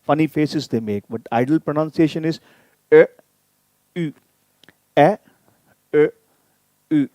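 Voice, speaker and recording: A man leads a live online German lesson, sounding out each vowel and consonant patiently, one at a time. His voice is mellow and unhurried, recorded dry and close with no room sound. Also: a little high, no room sound. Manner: repeats sounds slowly to drill pronunciation; addresses viewers directly, inviting typed questions. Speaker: German language teacher.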